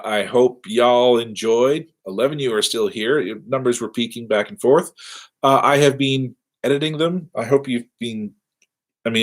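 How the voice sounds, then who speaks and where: A man's voice: fairly low pitch, fairly bright tone. A middle-aged man giving a casual live-streamed university lecture from his office, rambling and self-deprecating with lots of fillers.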